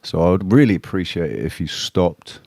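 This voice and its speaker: A man's voice: low-pitched, expressive, a little fast, gravelly, a little mellow, no room sound, clean studio sound. A man chatting casually on a live stream, rambling and blunt, swearing freely and talking straight to his viewers. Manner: addresses chat viewers directly. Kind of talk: casual livestream chat with viewers.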